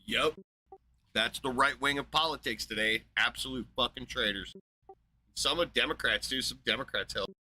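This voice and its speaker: A sharp, bright-toned man at mid pitch tears into what he is watching, swearing constantly and spitting contempt. He talks as a live-stream host, heated and mocking, building into a scornful rant. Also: moderate pace, slight background noise, low-quality recording. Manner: ranting, profane, scornful. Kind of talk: heated reaction commentary.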